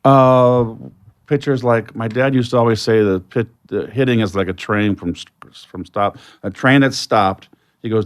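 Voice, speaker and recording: An older man, a retired baseball player, telling stories as a guest in a podcast interview, reflective and lively when acting out conversations. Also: lowish voice, moderate pace, dry recording, clean studio sound.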